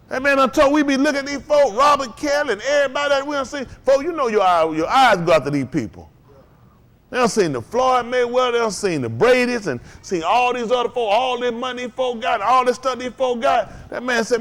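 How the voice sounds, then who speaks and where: Man preaching in a high lively voice. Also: brisk. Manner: call-and-response preaching, rising to shouts. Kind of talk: sermon.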